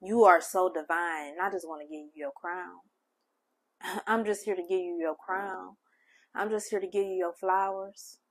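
A woman hosting a spiritual channel, speaking gentle, heartfelt affirmations straight to the listener. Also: fairly low pitch, steady tone, unhurried. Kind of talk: affirming spiritual message to the viewer.

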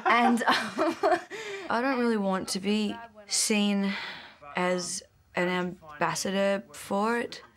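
A woman's voice: medium pitch, slow. An Australian woman, a singer, talking candidly in an interview, with a light stutter and some self-mocking laughs. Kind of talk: reflective interview.

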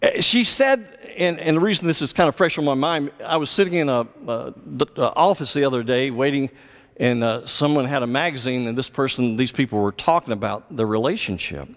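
A man's voice: medium pitch, fairly quick, a bit bright. A male pastor preaching a sermon, explaining scripture and pressing his points with emphatic, repeated commands. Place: church sanctuary. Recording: long church reverb.

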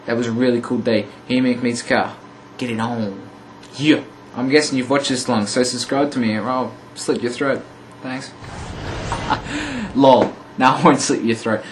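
A man's voice: medium pitch, normal speed, a little hiss or hum. A young man joking around in a rambling, crude way to a handheld camera out on the street. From Australia. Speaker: vlogger. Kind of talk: casual joking chat to camera.

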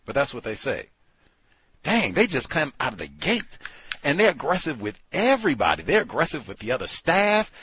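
A man hosting a talk show with an animated, sardonic delivery that swings widely in pitch. His voice is husky yet forceful, recorded dry and close. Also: no room sound. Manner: animated, sardonic, conversational with fillers. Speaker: radio show host. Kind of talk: casual talk-show commentary.

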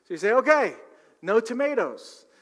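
A man voicing a teenage boy doing stand-up comedy, with a dry, slow, deadpan delivery. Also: very high voice, pitched above the performer's own voice, full character voice. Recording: long reverb of a large hall.

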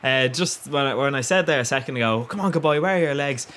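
Over slight background noise, a young man talks fast in a mid-range voice. He's a gaming YouTuber giving football video game commentary, swearing a lot, laughing often and wandering into excitable tangents.

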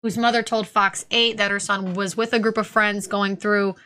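Bright-voiced young woman co-hosting a podcast. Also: mid-range voice, flat delivery, normal speed. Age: young adult. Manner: profane, teasing, reads aloud with asides. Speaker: podcast co-host reading news stories. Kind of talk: casual chat.

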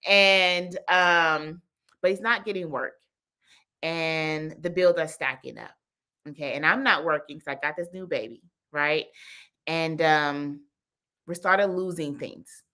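A woman business coach talking on a live stream, telling stories in an animated, chatty way. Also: low-pitched, takes it slowly. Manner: animated, chatty, heavy use of "like".

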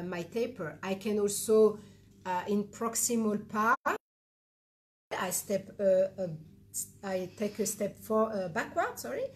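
A woman's voice: mid-range voice, slight background noise. A woman whose first language is Arabic, giving a live dental teaching demonstration and explaining each step patiently, with many fillers. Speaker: dental instructor.

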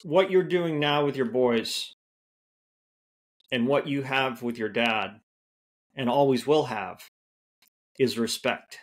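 A man co-hosting a podcast, speaking in a measured, affirming way in casual conversation. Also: medium pitch. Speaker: podcast co-host.

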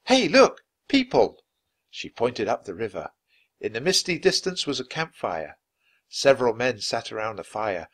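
Lively male storybook reader. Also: on the low side. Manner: clear, steady, measured. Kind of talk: children's book read aloud for learners.

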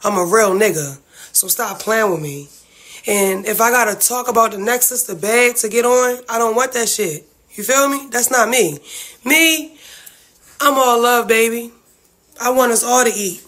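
A woman's voice: fairly high pitch, normal speed, a bit bright. A woman venting to her livestream viewers about family feuds, blunt, profane and heartfelt. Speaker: reality-TV family member livestreaming.

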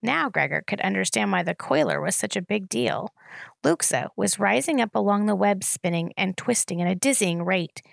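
A woman reading a novel aloud in a steady storytelling narration. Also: medium pitch, moderate pace, gravelly, no echo. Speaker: reader.

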